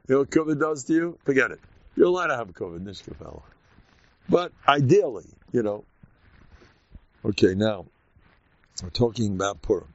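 A man with an American accent, a rabbi giving an informal, animated Purim talk full of stories and sudden shouts. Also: medium pitch, normal speed, long pauses, no echo, muffled recording.

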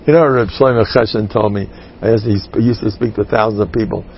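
A man, a rabbi and teacher, giving a humorous inspirational talk to a group, animated and jumping into character voices. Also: on the low side, brisk, dull audio, slight background noise.

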